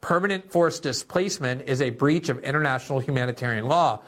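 A man's voice: mid-range voice, a little fast, a bit bright. A male political commentator who talks through news clips and quotes in an opinionated way. He reads statements aloud, then cuts in with sarcastic, indignant asides.

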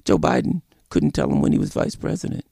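A man hosting a political commentary show, delivering an animated opinion monologue full of repeated points and rhetorical questions. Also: fairly high pitch, a little fast, gravelly, slightly rough, no echo, clean studio sound.

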